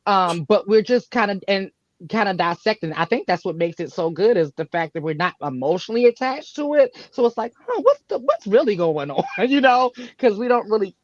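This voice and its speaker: Brief: laid-back woman panelist, mid-pitched voice, slightly muffled lo-fi recording. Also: animated, a little fast. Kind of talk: casual panel chat. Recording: dull lo-fi audio.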